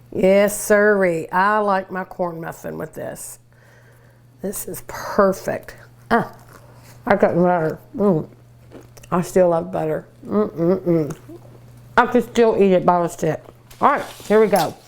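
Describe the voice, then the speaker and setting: An older woman hosting a cooking show, chatting and gushing enthusiastically while she eats. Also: mid-range voice. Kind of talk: casual cooking show talk.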